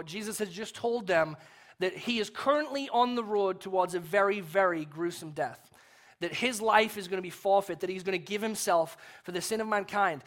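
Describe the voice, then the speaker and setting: A young adult man with an English accent, preaching a sermon in a relaxed, conversational, storytelling way with self-deprecating humor. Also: sits high. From England. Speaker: pastor.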